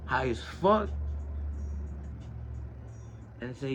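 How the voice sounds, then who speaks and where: A man hosting his own show, telling a personal story in casual, profane street slang and getting animated when he quotes people. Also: mid-range voice, a little fast, a little hiss or hum. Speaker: podcast host.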